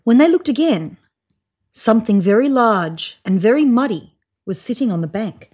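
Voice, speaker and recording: Breathy woman reading a picture book. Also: medium pitch. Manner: expressive storytelling, slowing for suspense. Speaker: storybook reader.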